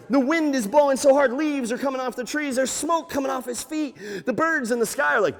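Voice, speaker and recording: A man working as a nature museum storyteller, telling an animated, playful tale to children with sound effects. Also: very high-pitched, fairly quick, creaky, few pauses, noisy background. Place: library room. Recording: echoey hall.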